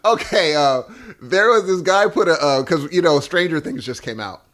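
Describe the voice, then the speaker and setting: Male co-host, 30s; loose slangy storyteller, slightly raised pitch, very lively intonation. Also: moderate pace. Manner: slangy, rambling, says "G" and "bruh". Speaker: podcast co-host. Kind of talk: casual chat.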